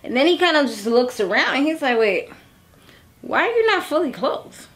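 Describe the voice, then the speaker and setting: A woman's voice: sits high, very animated, moderate pace, a bit bright. A woman chatting casually through a TV episode recap, laughing often and acting out the characters' lines. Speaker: TV recap vlogger.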